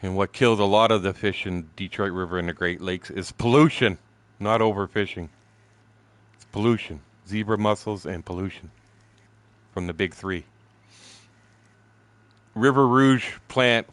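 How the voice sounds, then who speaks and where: A man's voice: on the low side, measured pace, long pauses, a bit bright, no room sound. A man in his sixties from southern Ontario with a Canadian accent, chatting loosely and profanely while streaming a fishing game, laughing often. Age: 60s. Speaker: gaming streamer. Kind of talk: casual storytelling while gaming.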